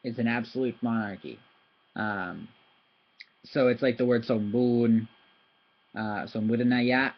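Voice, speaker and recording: Man, native english speaker, language teacher, casual video lesson, animated, drawn-out syllable demos, mid pitch, slightly muffled audio. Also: slightly rough. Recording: slightly dull lo-fi recording.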